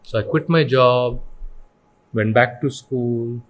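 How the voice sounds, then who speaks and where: A man's voice: medium pitch, slow pace. A middle-aged man from India with an Indian English accent, a company founder telling stories earnestly in an interview and mixing in Hindi phrases. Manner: earnest, animated storyteller who acts out quotes. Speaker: education company founder, guest.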